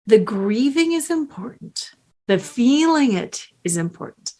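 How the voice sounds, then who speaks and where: A middle-aged woman coach giving a slow, earnest motivational talk with strong emphasis. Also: medium pitch, big pitch swings, warm tone.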